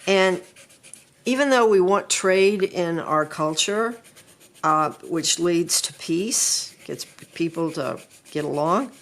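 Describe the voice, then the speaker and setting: Middle-aged woman art teacher: low, a bit gravelly, relaxed classroom chat while she draws. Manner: chatty, unhurried, thinks aloud while drawing. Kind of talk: drawing lesson talk.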